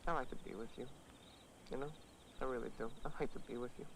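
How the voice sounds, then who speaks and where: A man playing a bashful young suitor, gravelly. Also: mid-range voice, steady tone, fast talker, a little hiss or hum, natural voice. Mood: tender. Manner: soft-spoken, bashful. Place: outdoors on a porch.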